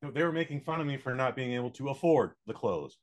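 A man's voice: mid-range voice, expressive, fast. A man co-hosting a podcast in casual chat, telling blunt, profane anecdotes. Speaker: podcast co-host.

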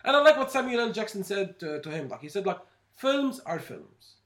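A man co-hosting a casual movie news chat, animated and laughing often. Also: sits high, fast talker, reverberant. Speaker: co-host.

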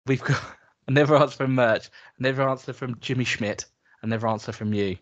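A man's voice: mid-range voice, fairly even intonation, brisk, dull audio. A man co-hosting a casual podcast, wry and mock-indignant. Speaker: podcast co-host. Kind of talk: casual chat.

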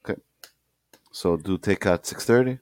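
A man's voice: sits low, normal speed, a little mellow, dry recording. A man co-hosting a casual wrestling chat, speaking in short laid-back remarks while losing his voice. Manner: terse, laid-back, questioning. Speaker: podcast co-host.

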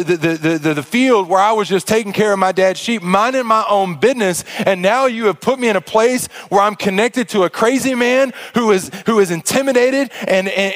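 A man's voice: high voice, lightly acted. A man voicing a desperate young shepherd king pleading with God, crying out in prayer.

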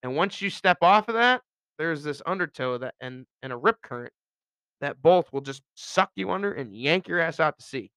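A man's voice: a little high, lively intonation, moderate pace, a bit bright, clear, resonant tone, dry recording. A man hosting a casual chat, giving beach advice in a rambling, joking way.

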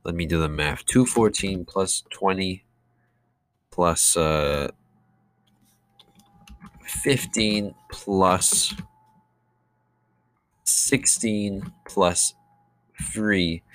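Low, slow-talking young man, rambling. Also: fairly bright tone, no room sound. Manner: rambling, sarcastic, many fillers and restarts. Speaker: vlogger. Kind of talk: casual audio diary.

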